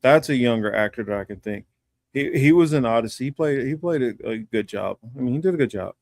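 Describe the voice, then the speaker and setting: A man co-hosting a livestream, talking casually in a rambling, halting way with lots of fillers. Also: medium pitch, expressive, darkish tone, no echo, clean studio sound. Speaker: livestream co-host. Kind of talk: casual chat.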